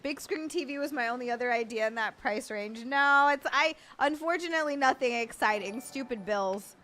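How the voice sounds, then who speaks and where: Thanking viewers on a laid-back livestream, this young woman can hardly believe it, stammering, laughing and cursing out of joy. Her voice is high with a sharp tone, and her pace is moderate.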